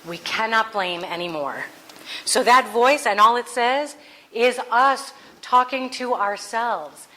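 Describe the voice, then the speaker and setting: Bright-voiced woman giving a sermon. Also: fairly high pitch, slow pace, rough recording. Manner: earnest, conversational, with playful asides. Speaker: minister.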